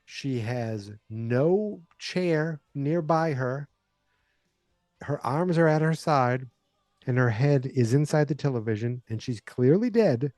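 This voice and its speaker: Male podcast host, relaxed and dark-toned, rambling chatty recap, dry booth sound. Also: medium pitch, slow, no room sound. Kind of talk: casual movie recap.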